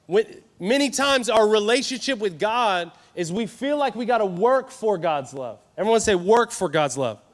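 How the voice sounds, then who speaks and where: Animated high-voiced male preacher. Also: normal speed, hardly any pauses. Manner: animated, joking with the crowd. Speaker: youth conference speaker. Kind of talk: energetic sermon. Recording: live hall reverb.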